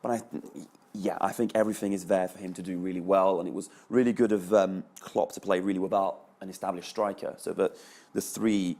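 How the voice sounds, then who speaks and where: Low-voiced male pundit. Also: steady tone, fairly quick, darkish tone. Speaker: panelist. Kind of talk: panel discussion.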